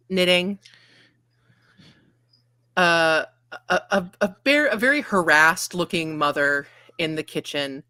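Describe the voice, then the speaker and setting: A woman's voice: lowish voice, bright, forceful tone, no room sound. A woman getting over a cold, narrating a tabletop game as game master in a chatty, giggly way.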